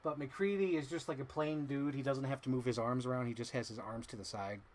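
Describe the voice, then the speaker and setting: A man's voice: medium pitch, fast, a little hiss or hum. A man casually chatting on a live stream, rambling and talking to himself while he arranges things.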